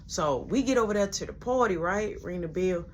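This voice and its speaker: Animated young woman telling a story. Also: lowish voice, normal speed, a little hiss or hum. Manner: animated, acts out every voice. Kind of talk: casual storytime.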